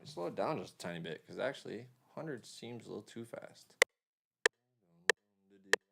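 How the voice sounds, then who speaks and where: A man's voice: fairly low pitch, animated, moderate pace, creaky, over a noisy crowd. A young man with a New York accent who mixes songs and chats loosely with viewers on a live stream, swearing freely. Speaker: mixing engineer streaming live. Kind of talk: casual livestream chat.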